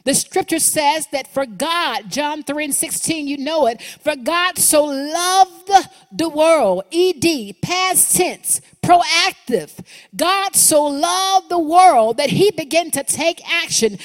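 High-voiced woman preaching in a reverberant hall. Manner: rhythmic repetition, rising and dropping emphasis. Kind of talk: sermon.

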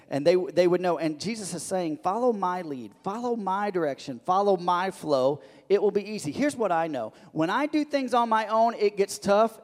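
A man preaching a sermon as a pastor, loud on his emphasis and hushed on his quiet lines, often repeating and restarting words. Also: high voice. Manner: animated, swings between loud emphasis and soft hushed lines; frequent repetitions and restarts. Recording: long reverb of a large hall.

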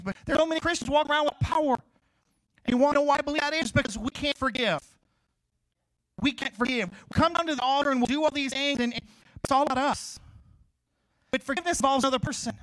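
A middle-aged male pastor preaching a sermon, jumping from loud scripture reading to quiet asides and acting out both sides of conversations. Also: sits high, very fast, pauses often, no room sound, low-quality recording.

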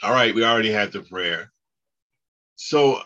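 A male pastor teaching a Bible class in a slow, unhurried way, with a bright, forceful edge to his voice. He circles back over the same verse and has the class say it after him. The recording sounds dull and lo-fi. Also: fairly low pitch. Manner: repeats scripture phrases over and over, leads the class in recitation; unhurried, halting delivery with restarts.

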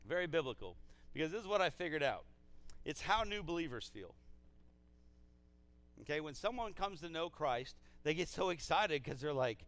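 A man pastor preaching a sermon in a church, casual and energetic, with frequent restarts. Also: on the high side, fairly quick. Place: church sanctuary.

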